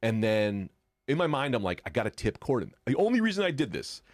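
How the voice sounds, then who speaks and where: A man, a comedian guest on a podcast, telling a long story in an animated, profane way. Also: medium pitch, fairly quick, dry recording, clean studio sound.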